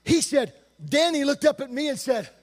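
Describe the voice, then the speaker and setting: A man preaching a sermon in a church, telling a healing story with animated, often shouted delivery. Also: very high-pitched. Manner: quick, hushed reading of scripture.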